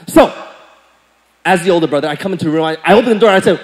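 A young man preaching a sermon as pastor, telling a playful story and acting out quotes with big jumps in pitch and loudness. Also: lively intonation, rapid-fire. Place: church sanctuary. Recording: church hall with long reverb.

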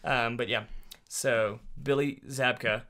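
A man's voice: medium pitch, takes it slowly. A man co-hosting a casual movie podcast, talking loosely and laughing as he riffs with friends. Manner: laughing, animated, drops into mocking impressions. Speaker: podcast co-host. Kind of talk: casual movie-riffing chat.

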